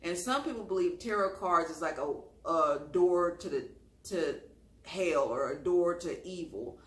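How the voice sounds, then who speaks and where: A man telling an emotional personal story on his channel in an expressive, sassy way, calling listeners honey. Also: high-pitched, unhurried. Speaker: storytime YouTuber. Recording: roomy echo.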